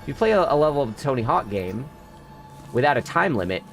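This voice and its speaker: A man's voice: mid-range voice, big pitch swings, a little fast, fairly bright tone, faint music behind. A man streaming a video game, chatting casually and swearing freely with friends and viewers. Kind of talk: casual live-stream chat while gaming.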